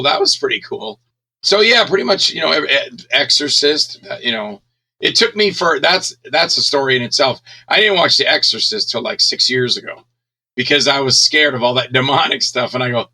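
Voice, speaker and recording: Casting note: middle-aged man, very bright tone, rambling and animated, given to acting out scenes. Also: mid-range voice, rough recording. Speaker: guest filmmaker. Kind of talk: casual interview talk.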